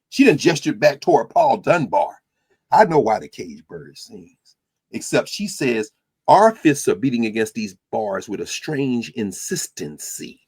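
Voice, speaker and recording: A man hosting a podcast as a teacher, lecturing in a preacherly, animated way. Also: medium pitch, breathy edge. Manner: preacherly, animated, mixing quotes and asides. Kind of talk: lecture-style commentary.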